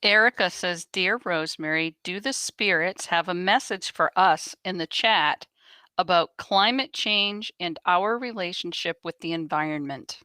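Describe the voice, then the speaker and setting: A woman's voice: on the low side, a little slow, bright, forceful tone, clear, resonant tone, dry recording. A woman co-hosting a live show, reading out viewer questions in brief, plain lines. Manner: brief, plain read-outs of messages.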